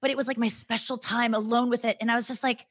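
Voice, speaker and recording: A woman's voice: a little high, level tone, quick pace, fairly bright tone, breathy edge, dry recording. A woman in her thirties, a comedian guest on a podcast, talking candidly in a frank, profane and self-mocking way.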